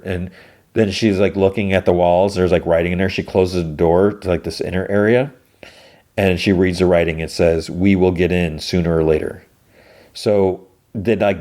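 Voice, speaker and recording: A man's voice: sits low, darkish tone. A man hosting a podcast, casually recapping a TV episode in a rambling way with lots of filler words. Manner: rambling, many filler words, acts out dialogue. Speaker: podcast host.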